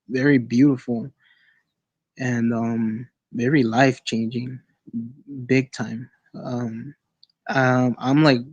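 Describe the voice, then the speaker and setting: A man sharing a personal experience as a guest on an online call, in a casual, halting way with many restarts and repeated words. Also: mid-range voice, no room sound.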